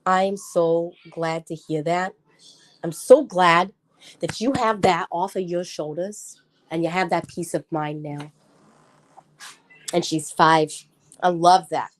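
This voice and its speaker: Speaking slowly with frequent pauses, a woman in her thirties uses a lowish voice and fairly even intonation while hosting a laid-back live chat with her viewers. She's chatty but grows heated and ranty.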